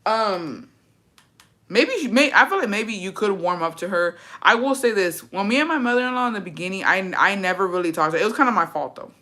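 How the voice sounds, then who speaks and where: A woman's voice: medium pitch, lively intonation, a little fast, sharp tone. A woman vlogger telling a storytime in a brash, profane, sassy way and calling viewers her besties. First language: English. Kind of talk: casual storytime chat.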